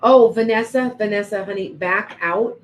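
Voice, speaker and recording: A woman's voice: medium pitch, normal speed, a little hiss or hum, poor audio. Chatty woman reading for livestream viewers. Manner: chatty, addresses viewers by name, frequent restarts. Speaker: psychic reader on a livestream. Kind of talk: live-stream reading and chat.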